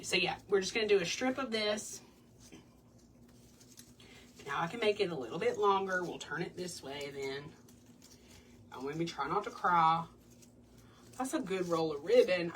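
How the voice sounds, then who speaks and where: A woman's voice: lowish voice, a bit bright, far from the mic, slight background noise. A woman hosting a casual wreath-making tutorial in her home craft room, chatty and bubbly. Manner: chatty, bubbly, breaks into little sing-song bits. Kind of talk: casual crafting demo chat.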